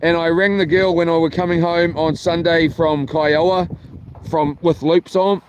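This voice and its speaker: A man's voice: a little high, level tone, moderate pace, a little hiss or hum. A man telling a meandering story for his camping vlog, full of ums and restarts. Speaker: vlogger. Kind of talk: rambling casual storytelling. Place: camping, near a boat on water.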